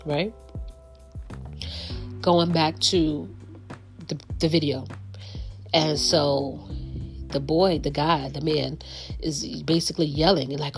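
Frank low-voiced middle-aged woman. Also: steady tone, slow, pauses often, faint music behind. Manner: frank, emphatic storytelling with restarts. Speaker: podcast host. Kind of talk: casual monologue.

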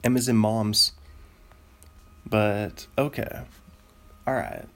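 This podcast host chats casually on his own show, rambling and laughing at his own jokes. His voice sits on the low side, with vocal fry, and he speaks slowly but animatedly.

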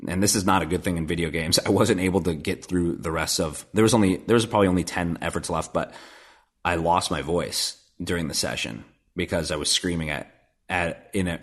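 A man's voice: low voice, a bit bright. A male voice actor in a casual interview, talking earnestly and thinking aloud with many restarts. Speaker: voice actor guest.

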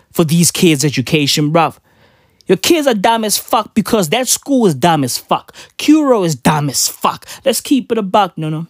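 South African woman, slow lively rant, slangy and profane, dry close sound. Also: fairly low pitch, dry recording. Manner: animated, repetitive, slangy. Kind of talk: profane comedic rant to camera.

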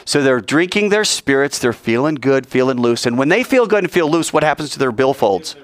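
A man's voice: medium pitch, a little fast. A man teaching an informal Bible class as a sermon, telling stories and acting out the voices of the people in them. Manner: animated storyteller who acts out quoted voices.

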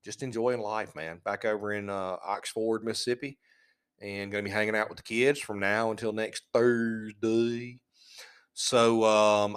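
A man's voice: fairly low pitch, clear, resonant tone. A man hosting a solo podcast, talking in a sarcastic, mocking, rambling way. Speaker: podcast host. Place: living in a van.

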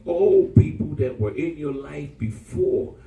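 A man's voice: unhurried, gravelly. A man preaching a sermon to a church congregation, calling for responses and mixing humor with warnings. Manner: call-and-response preaching, jumps to high excited pitch. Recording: roomy church from far off.

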